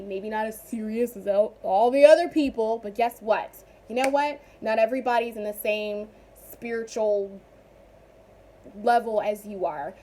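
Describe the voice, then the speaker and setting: A young woman chatting casually in a vlog, animated and rambling with frequent asides. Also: a little high. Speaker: vlogger.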